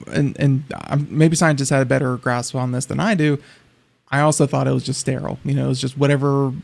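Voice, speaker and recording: A man's voice: fairly high pitch, creaky, a little mellow. A man co-hosting a casual tech talk show, rambling and joking with many restarts. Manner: rambling, lots of you-knows and restarts, joking. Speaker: co-host.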